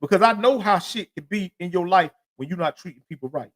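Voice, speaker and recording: Pitched high, animated, and a little fast, this solo podcast host wanders through foul-mouthed street tales. His casual slang is peppered with repeated "you know what I'm saying."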